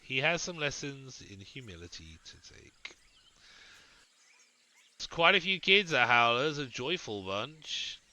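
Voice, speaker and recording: A man's voice: medium pitch, big pitch swings, slow, pushed and bright, poor audio. A man hosting a game playthrough, reading the game's text aloud and adding wry asides. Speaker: let's play host.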